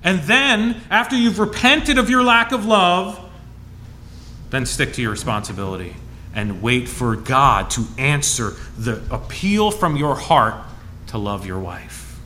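A man preaching as pastor, reading scripture with emphasis and dropping to soft, low asides in a conversational way. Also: very animated, a little slow, slight background noise. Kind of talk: sermon.

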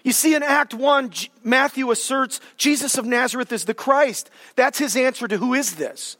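High-voiced preacher in an echoing hall. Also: male voice, moderate pace. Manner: animated, jokey, dramatic shifts in volume. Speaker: pastor. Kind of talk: sermon.

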